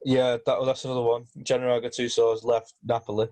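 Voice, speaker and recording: A man talking football in a relaxed podcast chat, his voice sitting at an ordinary middle pitch. He hesitates often and restarts his sentences. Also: fast. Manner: hesitant, many fillers and restarts. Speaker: podcast host.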